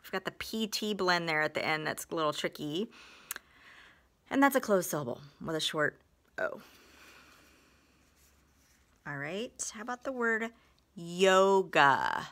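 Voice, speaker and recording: A woman walks through phonics lessons at an unhurried pace. Her voice is bright and a little forceful, and she draws out every example word and sentence with patient care. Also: on the low side, animated. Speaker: phonics teacher.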